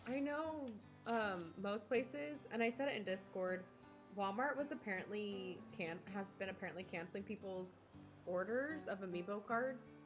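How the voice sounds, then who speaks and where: A young woman streams a cozy game, chatting loosely with her viewers and wandering from thought to thought. Her voice sits at an ordinary middle pitch. Game music plays clearly underneath her talk. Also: moderate pace. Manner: chatty, rambling, talks to chat, swears casually. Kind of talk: casual gameplay chat.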